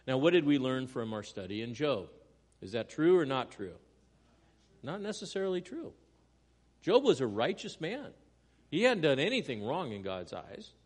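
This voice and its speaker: A man preaching a sermon, earnest, moving between loud emphatic lines and quiet, hushed ones. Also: mid-range voice, big pitch swings, normal speed, pauses often, big-room sound. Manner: earnest preaching with dramatic swings in volume. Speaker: pastor.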